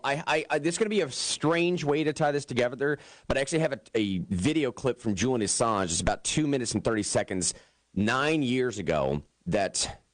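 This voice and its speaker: A man's voice: medium pitch, dry recording. A man hosting a morning radio talk show in a joking, rambling way with plenty of fillers. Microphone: studio microphone.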